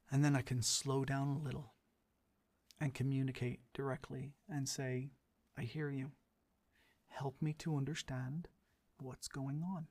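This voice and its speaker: A man's voice: fairly high pitch, dry recording. A middle-aged man, a mediator, giving an earnest educational lecture full of rhetorical questions and lists.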